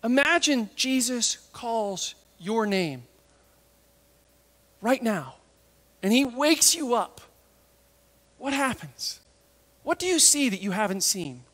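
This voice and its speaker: A man preaching a sermon, animated, acting out the voices of biblical figures and dropping to a hush for tender moments. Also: extremely high pitch, slow, long pauses, in a large hall.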